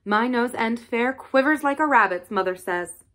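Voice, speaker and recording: A woman's voice: a little high, animated, normal speed, fairly bright tone, voice pushed up. A woman voicing a cheerful twelve-year-old moorland boy with a broad Yorkshire dialect and an easygoing, earthy manner.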